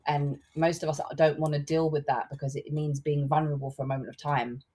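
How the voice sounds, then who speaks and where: Blunt low-voiced woman podcast co-host. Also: brisk, breathy edge. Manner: frank, blunt and animated, with swearing. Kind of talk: casual podcast discussion.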